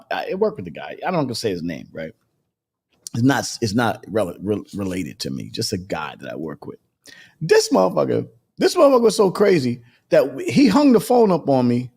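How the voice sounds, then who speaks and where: A man hosting a casual live show, chatting and bursting into loud, laughing rants. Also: medium pitch. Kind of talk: casual live-stream chat.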